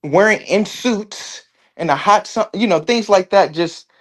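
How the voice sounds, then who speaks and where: Man, interview guest, casual talk, halting, many restarts. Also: sits high.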